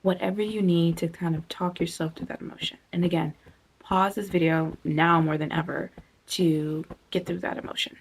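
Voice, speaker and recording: A woman hosting a self-help video, talking casually as she guides a reflection, chatty and self-interrupting, sometimes dropping to a soft near-whisper. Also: on the low side, steady tone, moderate pace, creaky, breathy edge.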